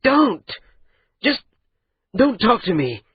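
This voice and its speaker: A man's voice: mid-range voice, lively intonation, takes it slowly, breathy edge, no room sound, muffled recording, heavily acted. A man doing a panicked young apprentice. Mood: angry. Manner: tense, sharp outbursts. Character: frightened, angry young male apprentice.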